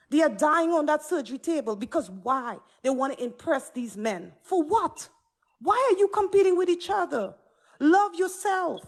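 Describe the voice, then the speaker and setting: A woman speaking on a livestream panel, emphatic and preachy, who keeps repeating "stop it" and "okay?". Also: sits high. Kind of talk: impassioned livestream panel talk.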